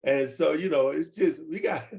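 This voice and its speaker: A man in his seventies runs a team training over a video call, speaking in a folksy and repetitive way and often asking whether everyone follows him. His voice sits a little high for a man. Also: moderate pace, vocal fry, darkish tone. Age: 70s. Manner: folksy, repeats points, asks the audience questions.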